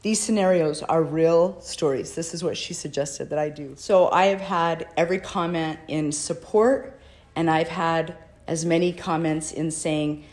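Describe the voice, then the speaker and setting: Low-voiced earnest mother pleading. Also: steady tone, moderate pace, a little mellow. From United States. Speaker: mother speaking out. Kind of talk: personal video address.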